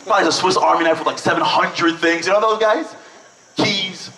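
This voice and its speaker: A man from Brooklyn, telling lively, joking stories to an audience with lots of "like"s. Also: high-pitched, moderate pace. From Brooklyn, New York. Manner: lively, joking, chatty with many "like"s. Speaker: event speaker. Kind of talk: storytelling speech to an audience. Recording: echoey hall, mic at a distance.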